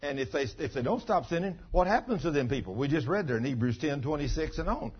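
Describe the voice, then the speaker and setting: Emphatic preacher with a husky voice. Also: male voice, a little high, animated, fast talker, few pauses. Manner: emphatic, fond of rhetorical questions; acts out remembered conversations. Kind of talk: sermon. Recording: dull lo-fi sermon recording.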